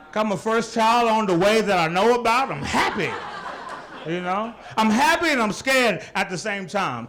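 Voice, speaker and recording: A young adult man performing a stand-up routine on a club stage, teasing the crowd in an animated way. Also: high-pitched. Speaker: stand-up comedian. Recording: live club recording with audience noise.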